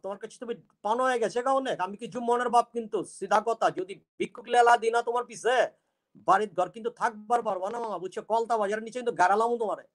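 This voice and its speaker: A brash, wealthy beggar from an old Dhaka bazaar, as a man puts him on, rattling off bossy street banter in a thick Old Dhaka Bengali accent at a breakneck clip. The voice sits fairly high. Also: steady tone, racing.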